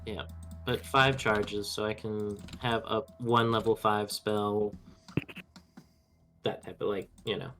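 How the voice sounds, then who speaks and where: Playful low-voiced man at the game table. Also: flat delivery, takes it slowly, long pauses, a bit bright. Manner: playful, laughs easily. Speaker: player. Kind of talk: casual tabletop chat.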